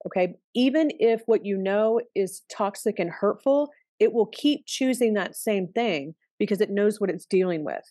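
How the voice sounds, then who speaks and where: A middle-aged woman astrologer talks in a candid, loose conversational way and swears casually. The voice sits at an ordinary pitch, and the recording is dry and close with little room sound. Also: lively intonation, moderate pace, hardly any pauses, mellow, dry recording. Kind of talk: casual spoken astrology talk.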